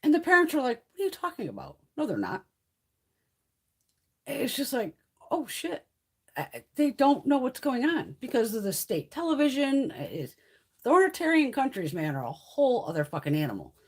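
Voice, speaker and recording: A woman hosting a beauty livestream, chatting casually in a blunt, profane, animated way and laughing often. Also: high voice, normal speed, husky.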